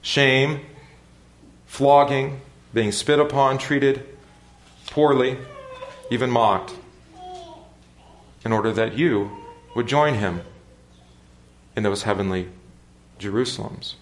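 A man preaching a sermon in a measured, earnest manner with deliberate pauses. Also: mid-range voice, roomy sound, a little hiss or hum. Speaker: pastor.

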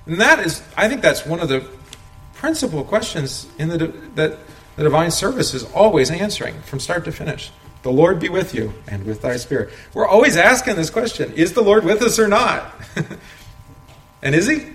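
A man's voice: on the high side, very animated, moderate pace, a bit bright. Chatty man teaching a Bible study. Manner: conversational, asks rhetorical questions, chuckles often. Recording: roomy echo, faint background noise.

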